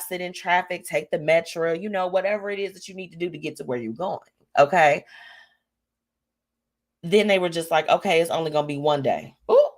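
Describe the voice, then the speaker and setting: A woman radio host, chatting casually and animatedly with her listeners. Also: deep voice. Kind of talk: casual chat.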